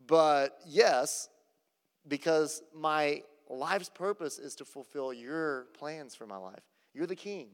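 A man's voice: fairly high pitch, takes it slowly, clear, resonant tone, big-room sound. A man preaching a sermon in a conversational, storytelling way, with many casual fillers. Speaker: pastor.

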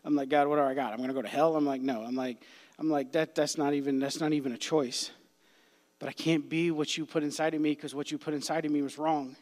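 A man preaching a youth sermon as a pastor, impassioned, swinging between hushed whispers and loud cries. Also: on the high side, fairly even intonation, quick pace. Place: church sanctuary. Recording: long hall reverb.

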